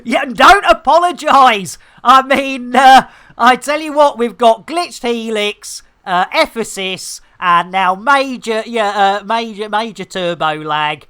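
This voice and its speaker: A middle-aged man with a British accent rambles through a live game stream, cheeky and chatty. His voice is bright and forward. Bursts of excitement break up the banter. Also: very high-pitched, slow, hardly any pauses, clear, resonant tone. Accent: British English. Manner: chatty, jokey, excitable exclamations. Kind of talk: casual live-stream chat.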